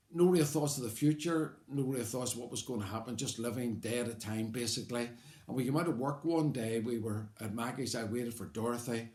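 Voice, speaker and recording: An older man with a Belfast accent recalls his life in a loose, wry, chatty way. His voice sits at an ordinary pitch. The room around him rings with a noticeable echo. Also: darkish tone. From Belfast, Northern Ireland. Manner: conversational and wry, rambling with fillers. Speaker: storyteller. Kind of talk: personal life story told aloud. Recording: roomy echo.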